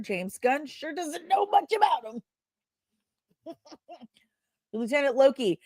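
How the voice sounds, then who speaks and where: A woman hosts a live chat show and reads viewers' comments aloud, answering each one in a chatty, rambling way. She adds quick asides and often laughs at herself. Her voice sits at a middle pitch, and the recording is dry and close. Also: no room sound. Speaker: host.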